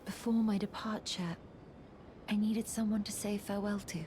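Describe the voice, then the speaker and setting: A hushed, resolute game heroine voiced by a woman, sad and lonely before a departure, in whispered role-play. Her mid-pitched voice sits over clear background noise in the game audio. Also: little pitch movement, moderate pace, lightly acted. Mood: somber.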